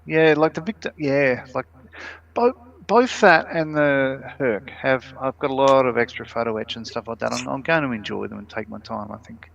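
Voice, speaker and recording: Gravelly male co-host, casual and laughing, reads chat aloud; muffled lo-fi stream audio. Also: mid-range voice, moderate pace, fairly bright tone. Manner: chatty, laughs often, reads comments aloud.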